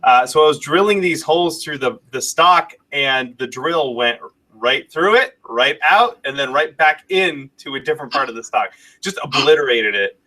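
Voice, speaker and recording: A man's voice: mid-range voice, expressive, moderate pace, hardly any pauses, sharp tone. A man co-hosting a live stream, reading questions and telling a chatty story with chuckles.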